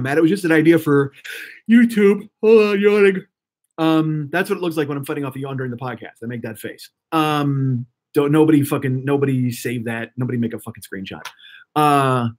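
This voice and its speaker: A man in his forties hosting a live stream, chatting casually and rambling profanely to viewers in the chat. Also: mid-range voice. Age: 40s.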